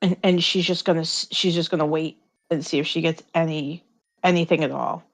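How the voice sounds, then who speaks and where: A woman's voice: low voice, fairly even intonation, a little fast. A woman playing a tabletop game, describing her character's actions hesitantly with many fillers. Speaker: player. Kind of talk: casual tabletop play.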